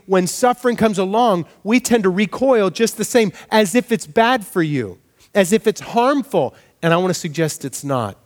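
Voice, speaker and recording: A man preaching a sermon in a conversational, animated way, often asking the congregation rhetorical questions. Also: high voice. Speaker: pastor.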